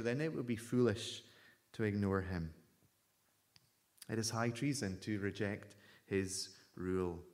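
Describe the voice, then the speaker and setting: A man preaching a sermon in a measured, emphatic way, at times reading a story aloud. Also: mid-range voice.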